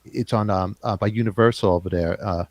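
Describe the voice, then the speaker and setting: A man's voice: lowish voice, fairly even intonation, brisk, darkish tone, low-quality recording. A middle-aged man with a New York accent, hosting a casual interview and talking in chatty bursts. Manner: chatty, talks in bursts with restarts. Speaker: podcast host.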